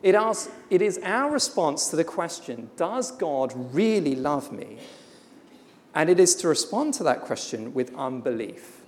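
A preacher delivering a sermon in an emphatic, blunt way, slowing down for weighty pauses. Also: mid-range voice, very animated. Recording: long hall reverb.

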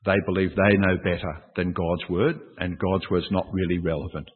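A man's voice: deep voice, flat delivery, normal speed, husky. A man preaching a sermon, emphatic, repeating key phrases and asking rhetorical questions of his listeners. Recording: tinny, echoey hall with long reverb.

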